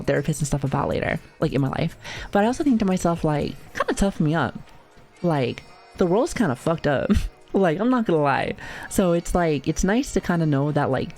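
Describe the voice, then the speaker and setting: A woman's voice: deep voice, darkish tone. A woman in her thirties chatting casually on a livestream, rambling with lots of "like", swearing and laughing, acting out quotes from her family. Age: 30s. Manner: acts out quoted voices of family. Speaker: streamer.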